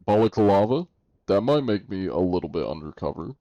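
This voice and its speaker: A male game streamer with a very low, gravelly voice, chatting in a relaxed, joking way. His tone is mellow and dark. The sound is close and dry but dull, like lo-fi stream audio. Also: brisk, no room sound. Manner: laid-back, joking, reacts to chat. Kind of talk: casual live stream chat.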